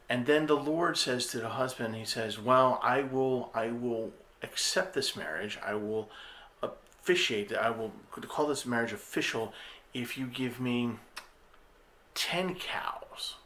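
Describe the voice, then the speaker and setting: A man's voice: mid-range voice, fairly bright tone, a little hiss or hum. A man casually retelling a film's plot on a podcast, loose and rambling with fillers and restarts. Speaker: podcast host reviewing an anime film. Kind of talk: casual spoken review.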